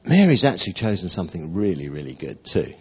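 A man preaching a sermon in an animated storytelling way, acting out quotes. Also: deep voice, quick pace. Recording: dull lo-fi recording.

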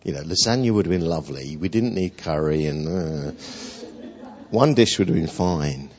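A man preaching a sermon in an animated storytelling way, acting out quotes. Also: low-pitched, normal speed. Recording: dull lo-fi recording.

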